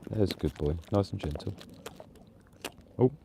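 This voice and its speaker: A man's voice: low-pitched, unhurried, vocal fry, mellow, a little hiss or hum. A man live-streaming casual chat outdoors in the woods at night, laughing often and cooing at his dog. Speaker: prepper vlogger.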